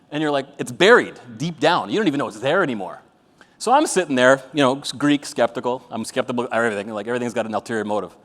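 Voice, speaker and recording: A man giving a live motivational talk to an audience, blunt and profane, telling jokey stories. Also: on the high side. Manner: blunt, profane, joking storyteller. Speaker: motivational speaker. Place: event venue with an audience. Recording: reverberant event hall.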